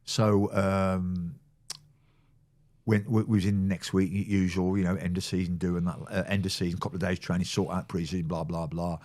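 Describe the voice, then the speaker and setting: A man in his sixties, a former football physio, telling lively anecdotes in a casual podcast chat and acting out the people he quotes. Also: sits low, normal speed. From England. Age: 60s. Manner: storyteller who acts out quoted people, laughing often.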